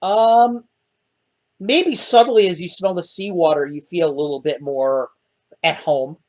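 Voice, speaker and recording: A man narrating as dungeon master of a tabletop game, lively and quick to laugh. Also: on the high side.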